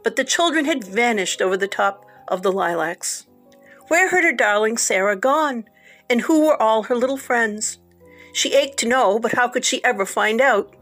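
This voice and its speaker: A woman's voice: a little high, moderate pace. Dramatic female narrator for a gothic tale, faint music bed. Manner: expressive, dramatic. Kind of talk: audiobook narration of a gothic story.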